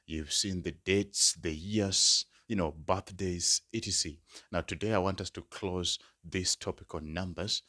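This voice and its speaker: A man tutoring a language lesson, patiently repeating each word slowly for learners. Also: low-pitched, bright, forceful tone, no echo, studio quality. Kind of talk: spoken lesson.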